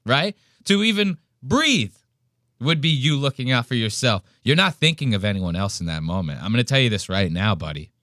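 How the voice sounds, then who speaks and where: Bright-voiced ranting podcast host man. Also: medium pitch, sing-song, moderate pace, no room sound, studio quality. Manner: profane, ranting, mocking impressions. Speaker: podcast host reacting to a clip. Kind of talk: casual podcast commentary.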